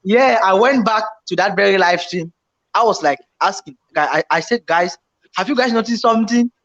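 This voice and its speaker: A man telling a story in casual chat, animated and repetitive as he acts out his own panicked remarks. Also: high-pitched, normal speed. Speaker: YouTuber co-host. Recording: slightly dull lo-fi home recording.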